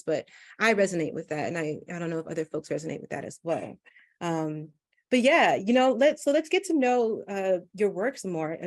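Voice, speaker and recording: Chatty low-voiced woman moderator. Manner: chatty, with many fillers. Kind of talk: casual interview hosting.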